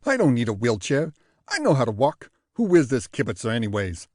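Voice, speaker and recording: A man's voice: medium pitch, wildly swooping pitch, no room sound, studio quality. Man doing a grumpy old New York jazzman. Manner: loud, grumbling, quick retorts.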